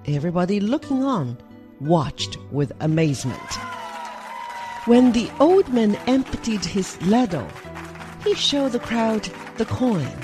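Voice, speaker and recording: A storybook narrator telling a tale slowly and deliberately. The voice has a lively, lilting melody. Clear music plays beneath. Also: mid-range voice. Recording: music behind.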